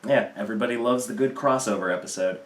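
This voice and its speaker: A man's voice: mid-range voice, fast. Laid-back man host, echoey room. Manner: laid-back, lots of short back-channel replies. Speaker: interview host. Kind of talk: casual interview chat. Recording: roomy echo.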